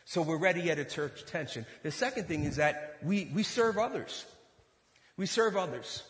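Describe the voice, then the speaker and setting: A man preaching a sermon, telling a personal story and acting out the dialogue with lively energy. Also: a little high, normal speed, reverberant, long reverb tail. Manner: animated storytelling, acts out dialogue. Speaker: pastor.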